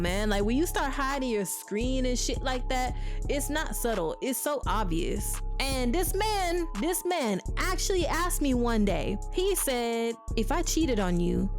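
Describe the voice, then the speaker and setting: A young woman tells a personal story straight to camera, blunt and animated, with plenty of swearing. Her voice sits a little high, and faint music plays behind her. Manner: blunt, animated, profane, laughing asides. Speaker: vlogger. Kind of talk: casual storytime.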